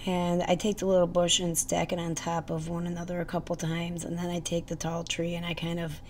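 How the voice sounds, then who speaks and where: A woman's voice: lowish voice, monotone, brisk, darkish tone, slight background noise. A woman with a stuffy nose hosting a card-making channel, chatting casually as she explains each step in a crafting tutorial voice-over.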